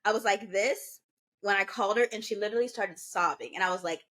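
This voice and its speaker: Fast and medium-pitched, a woman in her twenties co-hosting a podcast spins animated stories in casual talk. She takes on the voices of the people she quotes.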